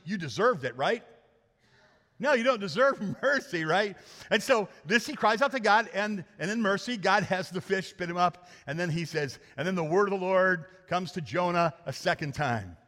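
A male pastor delivers a sermon with an animated, joking style. He acts out the characters in the story and teases the congregation as he goes. His voice sits a bit high, and the sanctuary's long reverb trails after his words. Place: church sanctuary. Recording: hall reverb.

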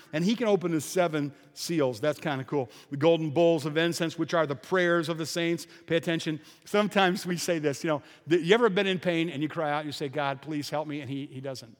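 A man's voice: on the high side, moderate pace, few pauses. A pastor preaching a sermon to his congregation, emphatic and full of rhetorical questions. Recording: long reverb of a large hall.

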